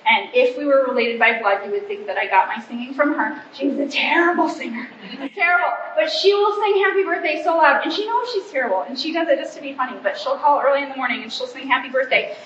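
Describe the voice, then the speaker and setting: A woman's voice: high voice, fast, few pauses, a bit bright, a little hiss or hum. A woman in her forties, a pastor's wife, giving a chatty, self-deprecating church talk and acting out bits of family dialogue. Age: 40s. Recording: roomy, slightly muffled hall recording.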